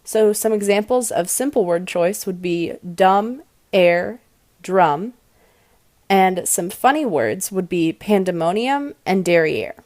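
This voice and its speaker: A woman's voice: medium pitch, animated, slow pace, a little mellow, no echo. Woman explaining poetry, dry close sound. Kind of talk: class presentation.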